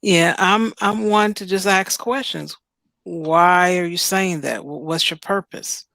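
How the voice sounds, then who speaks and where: A woman's voice: lowish voice, takes it slowly, gravelly, fairly bright tone, no room sound. Blunt questioning woman host. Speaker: advice show host. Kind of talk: livestream advice talk.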